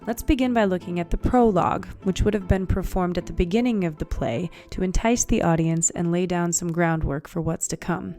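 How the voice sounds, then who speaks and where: A woman's voice: on the low side, steady tone, brisk, hardly any pauses, warm tone, soft background music. A woman teaching acting basics in an upbeat, encouraging, conversational scripted narration.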